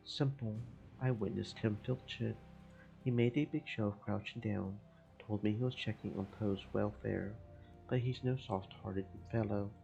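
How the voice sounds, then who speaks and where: A man voicing a gruff, plain-spoken old sailor who cannot abide dishonesty. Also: lowish voice, fairly even intonation, a little slow, dark tone, highs cut off, faint music behind. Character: old seafaring man, blunt and honest.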